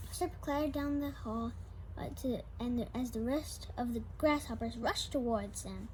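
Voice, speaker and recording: A woman's voice: fairly high pitch, normal speed, a little mellow, a little hiss or hum, low-quality recording. A woman reading a children's picture book aloud, with small slips, restarts and asides to the listener. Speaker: storybook reader.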